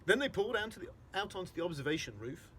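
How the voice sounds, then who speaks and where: A man's voice: sits high, very animated, rapid-fire, fairly bright tone, slight background noise. A man reading a children's storybook aloud, explaining hard words for young listeners.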